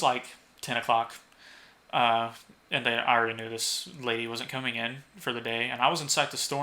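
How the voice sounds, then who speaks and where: A young man spins a loose, profane story on a podcast, laughing at his own punchlines and acting out the other people's lines. His voice is bright and forward, sitting at an ordinary male pitch. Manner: swears freely, laughs at own stories, acts out quoted lines. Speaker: podcast co-host. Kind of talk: casual storytelling.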